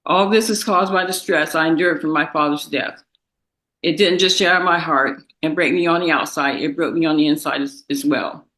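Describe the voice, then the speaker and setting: Tearful young woman, bright voice. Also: low-pitched, steady tone, low-quality recording. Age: young adult. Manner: emotional, halting, with restarts and repetitions. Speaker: victim's daughter giving impact statement. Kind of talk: reading a prepared statement aloud. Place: courtroom.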